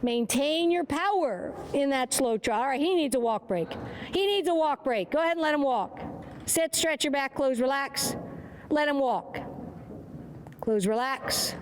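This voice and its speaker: A woman's voice: high-pitched, slight background noise. A woman riding instructor giving short, encouraging, repeated commands during a driving lesson.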